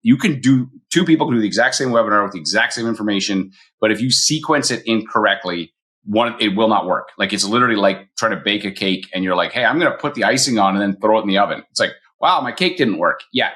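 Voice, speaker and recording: A middle-aged man, a mortgage broker, talking casually on a solo podcast, often acting out quick quoted voices. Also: fairly low pitch, fairly bright tone. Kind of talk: solo podcast coaching talk.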